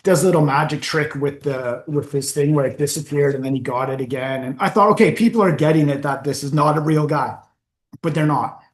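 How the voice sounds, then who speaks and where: A man giving a lively, anecdotal talk as a forum founder, laughing at his own stories and clearing his throat often. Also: on the high side, fairly quick. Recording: echoey room.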